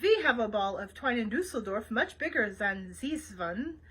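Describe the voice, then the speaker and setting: A woman's voice: on the high side, very animated, moderate pace, a bit bright, husky, heavily acted. A woman reading the lines of a boastful man in disguise, without attempting the accent. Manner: bragging, no real accent. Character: boastful disguised man in loud tourist act.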